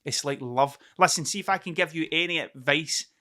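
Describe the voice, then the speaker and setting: A man's voice: on the high side, brisk, bright, forceful tone. A Scottish man hosting his own podcast, rambling and swearing freely as he drifts from one point to the next. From Scotland. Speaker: podcast host. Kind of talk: casual solo podcast monologue.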